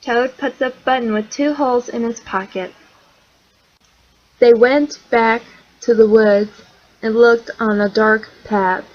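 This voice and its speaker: A woman reading a children's picture book aloud in a slow, gentle storytelling way. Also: on the high side, fairly even intonation, highs cut off. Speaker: storybook reader.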